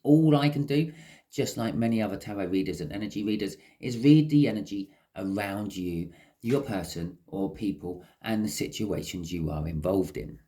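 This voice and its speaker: Chatty male tarot reader, lower-pitched, conversational, checks in with the viewer. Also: normal speed. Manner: chatty, lively rises in pitch, frequent "okay?" check-ins. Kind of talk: casual tarot reading to camera.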